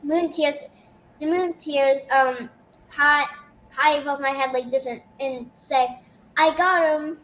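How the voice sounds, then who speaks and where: A woman playing a character in a tabletop game, halting and repeating her words. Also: sits high, steady tone, a bit bright, poor audio. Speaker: player.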